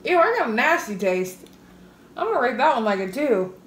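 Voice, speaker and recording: Woman, fairly high voice, giggly, unsure taste tester; roomy recording with faint hiss. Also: very animated, fairly quick. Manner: giggly, hesitant guessing. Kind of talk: casual chat.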